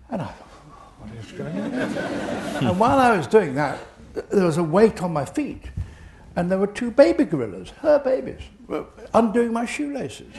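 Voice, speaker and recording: An older man, an interview guest, spinning animated anecdotes with a gravelly, creaky texture to his voice. His pitch swings widely as he tells a story, and now and then he chuckles along. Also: noisy background.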